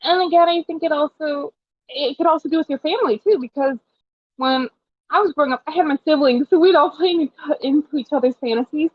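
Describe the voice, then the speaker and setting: A young woman with a fairly high voice chats casually as a podcast co-host, full of fillers and lively retellings. The recording is dry and a little dull, like lo-fi podcast audio. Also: fast, no room sound. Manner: chatty, animated retellings with many fillers. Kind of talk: casual chat.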